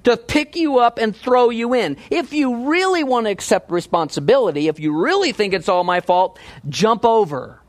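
A preacher playing a high, mocking sailor man. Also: lively intonation, moderate pace, hardly any pauses. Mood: exasperated. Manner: mocking, incredulous. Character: exasperated sarcastic male sailor.

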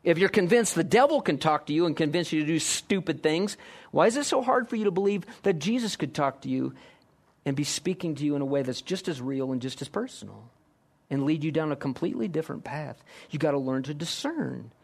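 A man's voice: fairly high pitch, lively intonation, fairly quick, gravelly. A man preaching a sermon, emphatic and full of repeated rhetorical questions. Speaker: pastor.

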